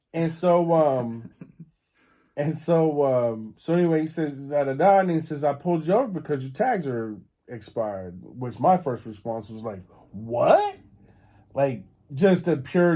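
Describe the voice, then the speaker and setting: Mellow-voiced man telling a rambling story. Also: fairly high pitch, lively intonation, measured pace. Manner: rambling, many fillers and restarts. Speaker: podcast host. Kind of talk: casual storytelling.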